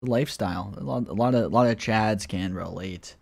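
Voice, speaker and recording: A crypto livestreamer runs a casual stream, answering viewers' questions and talking straight to them, often calling them guys. His voice is fairly low and fairly quick, with vocal fry and a breathy edge, and at times he slips into a mocking rant punctuated by scoffing laughs.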